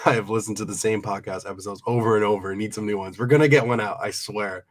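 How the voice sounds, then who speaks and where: A man's voice: on the low side, quick pace. A young man hosting a casual live stream. He chats with viewers, reads their comments aloud and laughs often. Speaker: livestream host and reseller. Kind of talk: casual livestream chat.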